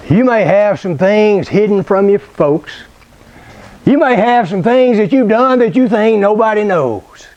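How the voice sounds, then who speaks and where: High-voiced folksy male preacher. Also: expressive, a little mellow, muffled recording. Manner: folksy, unhurried storyteller. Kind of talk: storytelling sermon.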